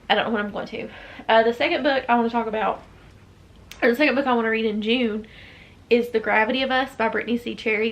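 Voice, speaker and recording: A woman's voice: a little high, fairly bright tone. A young woman with a Southern US accent chatting casually as a book vlogger, rambling with many fillers and restarts. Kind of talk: casual chat.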